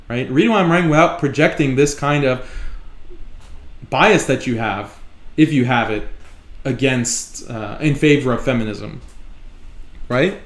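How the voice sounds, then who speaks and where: A man's voice: medium pitch, measured pace, pauses often, echoey room. A man hosting a live online talk show, speaking emphatically and repeating his points for stress. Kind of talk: live solo commentary.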